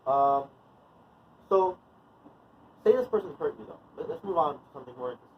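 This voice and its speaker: A man's voice: a little high, animated, brisk. Man, movement class instructor, casual, rambling, distant mic, muffled. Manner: loose, conversational, many fillers and restarts. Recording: distant mic, dull sound, faint noise.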